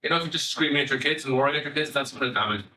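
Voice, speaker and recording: A middle-aged Irish man, a family psychotherapist, giving an animated, conversational public talk and swearing casually. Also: fairly high pitch, very fast, roomy sound, recorded from a distance, poor audio. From Ireland.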